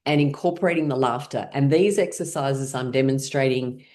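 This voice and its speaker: A woman's voice: a bass voice, normal speed, a little mellow. A woman teaching a laughter class, guiding breathing and tapping with cheerful instructions and frequent laughing sounds. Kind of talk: guided laughter exercise class.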